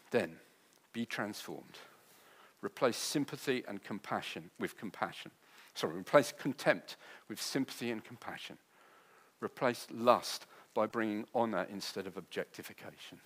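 Preacher swinging hushed to rousing. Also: male voice, fairly low pitch, unhurried, pauses often. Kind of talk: sermon.

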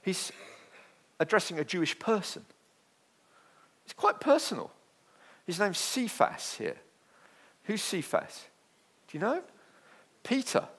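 Male pastor, sermon delivery, conversational with light jokes, very lively pitch. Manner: animated, conversational preaching with asides and jokes.

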